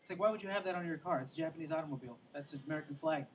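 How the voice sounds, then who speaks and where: High-voiced rambling stand-up comic outdoors. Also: male voice, very fast, far from the mic, a little hiss or hum, low-quality recording. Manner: rambling, self-mocking, trails off with asides. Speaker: stand-up comedian. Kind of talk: stand-up comedy set. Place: outdoor show near the water.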